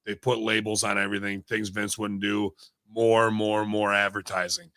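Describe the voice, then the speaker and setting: A man's voice: on the low side, little pitch movement, normal speed, pushed and bright, clean tone, dry recording, studio quality. A man in casual chat, ranting animatedly and swearing often. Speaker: wrestling podcast guest.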